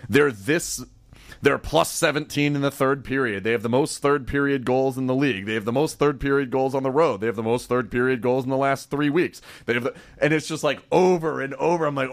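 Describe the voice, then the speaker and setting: A man's voice: mid-range voice, dry recording. A man co-hosting a sports talk show, blunt and wry in casual banter. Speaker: sports radio co-host.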